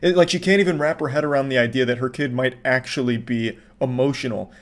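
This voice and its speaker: A man hosting a video reaction show, giving dry, deadpan, profane commentary. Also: medium pitch, quick pace. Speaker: online video reaction host.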